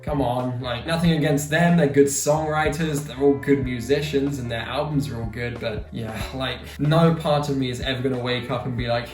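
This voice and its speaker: A man's voice: medium pitch, normal speed, hardly any pauses. A man hosting a casual music vlog, chatty and enthusiastic, with playful asides. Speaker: YouTube music channel host. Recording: roomy echo, distant mic, music behind.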